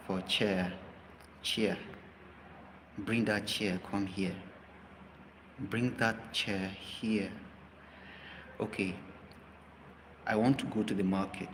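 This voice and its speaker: Deep slow-talking man teaching. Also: steady tone, long reverb tail, slight background noise, low-quality recording. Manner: hesitant, many fillers, spells words out letter by letter. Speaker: language teacher. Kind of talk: live language lesson talk.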